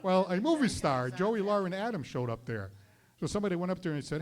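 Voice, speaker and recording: Fast and very animated, a high-voiced man runs through a stand-up monologue as host of a live variety show, saying sorry after his jokes. The recording of the live show is noisy.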